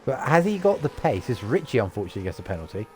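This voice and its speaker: A man from the UK commentating a live sim-race stream with a lively, swooping delivery. His voice sits at an ordinary middle pitch. A faint hiss of noise sits under the mic. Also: racing. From United Kingdom. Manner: lively, chatty, reads out lap times. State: tired.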